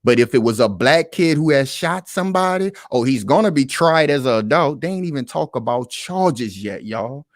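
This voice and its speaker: A man speaking who hosts a reaction commentary, pausing a news clip and arguing his points emphatically while speaking straight to his viewers. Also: medium pitch, expressive, no echo, studio quality. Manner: emphatic, repeats points, talks to viewers as "y'all".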